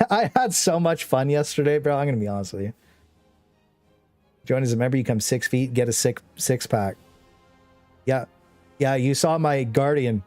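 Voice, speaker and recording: A man's voice: mid-range voice, darkish tone, no room sound. A young male streamer chats casually with his viewers, rambling and joking between bits of gameplay. His voice is dry and close to the mic, and faint music plays in the background. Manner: rambling, joking, often laughing. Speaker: gaming streamer. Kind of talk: casual live-stream chat.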